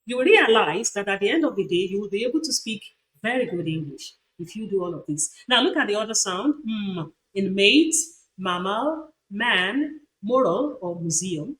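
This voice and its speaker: A woman's voice: mid-range voice, animated, normal speed, fairly bright tone. A woman lecturer with a Nigerian accent teaching phonetics, repeating example words aloud and asking her students rhetorical questions. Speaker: university lecturer. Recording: noisy lecture recording.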